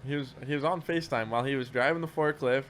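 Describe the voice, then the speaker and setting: A man's voice: medium pitch, fast talker, a bit bright, a little hiss or hum. A man in casual podcast chat, telling work stories in a rambling, profane way with lots of restarts.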